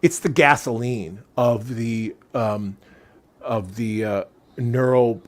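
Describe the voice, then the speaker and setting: A man's voice: medium pitch, slow. American man, 60s, chatty interview guest, meandering delivery with frequent restarts. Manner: rambling, restarts and searches for words. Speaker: guest, wellness product maker. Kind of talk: casual interview talk.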